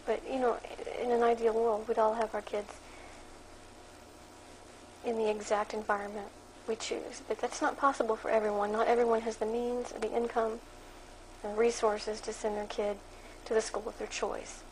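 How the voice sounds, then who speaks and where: A woman with a somewhat high voice reads her dream aloud in a flat, even monotone. Now and then her commentary turns firmer. A faint hiss of room noise sits behind her. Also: moderate pace, low-quality recording. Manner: monotone reading, then more emphatic commentary. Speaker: Christian blogger reading her dream journal. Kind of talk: reading aloud from a blog.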